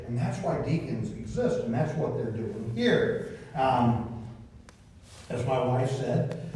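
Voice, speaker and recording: A man's voice: medium pitch, warm tone, slight background noise. A man preaching a folksy sermon as pastor, repeating words and asking the congregation questions. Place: church sanctuary. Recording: very echoey room, distant from the mic.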